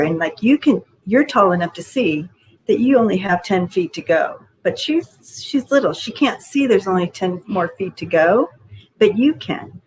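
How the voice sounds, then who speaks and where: Lowish-voiced woman giving spiritual readings. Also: expressive, moderate pace, poor audio. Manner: rambling, restarts, casual swearing. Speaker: spiritual healer giving channeled messages. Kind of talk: casual spiritual reading on a group call.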